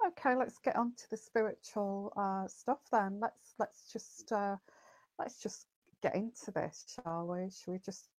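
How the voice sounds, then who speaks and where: A woman's voice: mid-range voice, a little slow, darkish tone, no echo. A woman hosting a psychic livestream, chatting casually and greeting viewers by name with plenty of ums and uhs.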